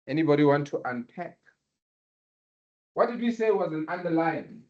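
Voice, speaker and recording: A man's voice: a little high, lively intonation, normal speed, long pauses, a little mellow. A man giving a university lecture, often asking students if they follow. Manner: questioning, checks understanding often. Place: lecture room. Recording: roomy, dull lecture-hall recording.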